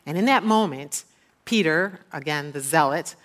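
A woman's voice: sits low, lively intonation, normal speed. A woman preacher giving a sermon, retelling a scripture story and asking the listeners questions.

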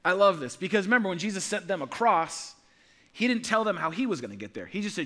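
Bright, high-voiced male pastor preaching. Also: quick pace. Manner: animated, swings from loud emphatic to soft hushed delivery; humorous asides. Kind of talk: sermon. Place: church sanctuary.

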